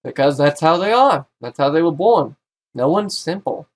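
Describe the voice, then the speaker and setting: A man's voice: fairly high pitch, expressive, moderate pace. Man, youtuber, casual vlog monologue, rambling, self-interrupting, opinionated.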